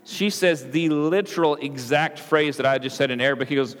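A male pastor with a fairly high voice, preaching in an easy, conversational style. He checks in with "right?" and restarts his phrases as he goes, and his voice rings out with a long reverb across a large hall. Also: normal speed, a bit bright, a little hiss or hum. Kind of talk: sermon.

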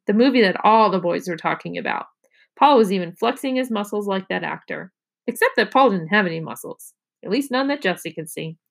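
A woman reading a children's chapter book aloud to students, narrating and lifting her voice for the kids' dialogue. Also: vocal fry. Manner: expressive, raises pitch for children's dialogue. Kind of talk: storybook read-aloud.

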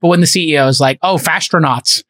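Wry, slightly high-voiced male podcast host. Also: fairly even intonation, very fast, noisy background. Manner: wry, leads the discussion with asides. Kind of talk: casual chat.

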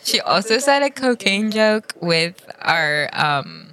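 A woman's voice: medium pitch, sing-song, takes it slowly, bright, forceful tone. A young woman co-hosting a casual podcast chat, telling stories in a giggly, teasing way, recorded in a small room with a slight echo. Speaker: podcast co-host.

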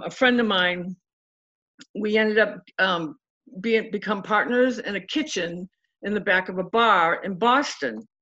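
A woman in her sixties recounts her life story in an interview, speaking candidly at a mid-range pitch for a woman. She slips into remembered dialogue as she goes. The recording sounds dull and muffled. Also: fairly bright tone.

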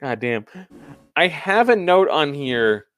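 Guy riffing sarcastically on a wrestling show, kinda high voice, swings around a lot. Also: big pitch swings, slow pace, fairly bright tone, dry recording. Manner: sarcastic, profane, joking. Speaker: podcast co-host. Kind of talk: casual wrestling recap chat.

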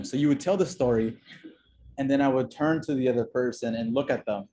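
A man chatting as an interview guest in a loose, easygoing way, circling back with "like" and "um" as he works out his thoughts. His voice sits at a middle pitch. Faint room ambience runs behind him. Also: a little fast, mellow, slight background noise. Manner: loose, conversational, many fillers and restarts. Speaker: designer and podcast guest. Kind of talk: casual interview chat.

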